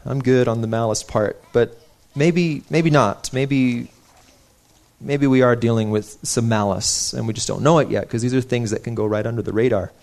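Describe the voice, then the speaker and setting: A man's voice: mid-range voice, moderate pace, creaky, a little mellow. A young man preaching a sermon in an earnest, conversational way, stopping to restart his sentences and telling stories from his own life.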